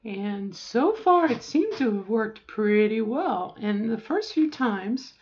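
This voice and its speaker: A woman's voice: on the high side, expressive, slow pace, darkish tone, dull audio. A middle-aged woman talking casually to camera, rambling with asides and often checking in with "okay?". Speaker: vlogger.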